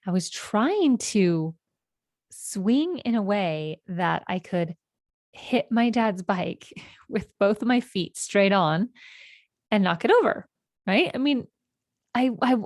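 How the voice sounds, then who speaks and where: A woman in her forties from California, the host of a podcast, telling childhood stories in a meandering, reflective way with gentle self-corrections. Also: medium pitch, no room sound, studio quality. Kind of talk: reflective personal storytelling.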